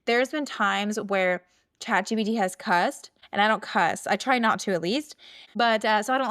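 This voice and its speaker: A woman's voice: medium pitch, a bit bright. Chatty woman podcast host. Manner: chatty, filler-heavy, with many "like"s and "okay?"s. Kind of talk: casual solo podcast talk.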